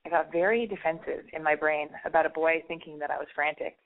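A woman hosting a call-in advice podcast, talking fast and frantic, swearing freely and mocking herself. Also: sits low. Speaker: podcast host. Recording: tinny phone-like sound.

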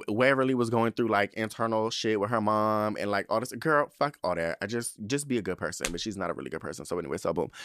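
Profane, animated man in his thirties. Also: on the low side, dry recording, studio quality. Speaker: podcast host. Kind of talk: casual chat.

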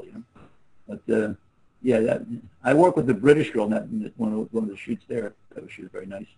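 A man's voice: medium pitch, brisk, a little mellow, husky, low-quality recording. A man in his seventies, a guest on a video call, telling rambling anecdotes that trail off. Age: 70s. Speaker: interview guest. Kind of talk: casual storytelling on a video call.

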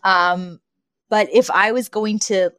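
A woman co-hosting a casual recap podcast, talking in an animated way and laughing into her words. Her voice is at a middling pitch and sounds dry and close, with no room around it. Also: slow, smooth, no room sound. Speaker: podcast co-host.

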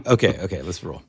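A man's voice: sits low, breathy edge. A man hosting a podcast in casual chat, wryly steering the recording along. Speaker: podcast host.

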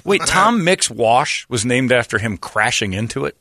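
A man's voice: mid-range voice, big pitch swings, normal speed, pushed and bright, no echo, studio quality. A man hosting a radio show, joking in casual banter with wry asides.

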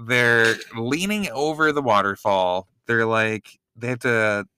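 A man's voice: mid-range voice, slow, bright, forceful tone, smooth, no echo. A man co-hosting a podcast, recapping a reality show in joking, self-deprecating casual chat. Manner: joking, self-deprecating, talks over partner. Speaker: podcast co-host.

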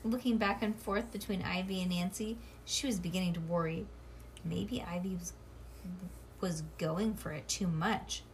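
A woman's voice: on the low side, normal speed, a little hiss or hum. Woman reading a children's book aloud. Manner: animated, with asides to a child listener. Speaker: reader.

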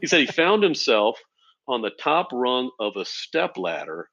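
A man, a safety consultant, telling stories in a relaxed, conversational way, with lots of fillers and acted-out quotes. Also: medium pitch, a little slow, gravelly, highs cut off. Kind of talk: conversational storytelling.

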